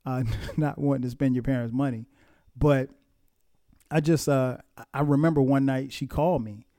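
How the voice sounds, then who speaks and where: A middle-aged man hosts a casual storytelling podcast in a mellow, relaxed voice. He reminisces in a self-mocking way and chuckles often. The sound is close and dry. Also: mid-range voice, normal speed, no room sound. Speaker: podcast host.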